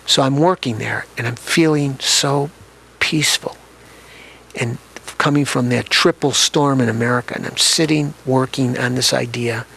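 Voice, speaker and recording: An older man with a gravelly edge speaks as an interview guest, recalling his past at an ordinary pitch. He talks in a reflective, conversational way and often restarts his sentences. Faint ambient noise sits behind him. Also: sharp tone. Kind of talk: reminiscing storytelling in an interview.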